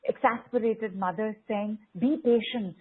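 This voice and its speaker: A woman guiding a group call through spoken affirmations, slow and coaxing, repeating phrases and reading out messages. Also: medium pitch, fairly even intonation, husky. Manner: slow, repetitive, coaxing, reads out participants' messages. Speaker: spiritual teacher leading a group call. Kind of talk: guided affirmation session. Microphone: online video call. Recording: phone-like online call audio.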